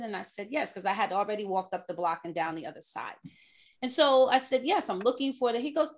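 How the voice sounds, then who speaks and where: A woman in her fifties telling a story in a casual chat, animated and laughing as she talks. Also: fairly high pitch, a little fast. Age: 50s.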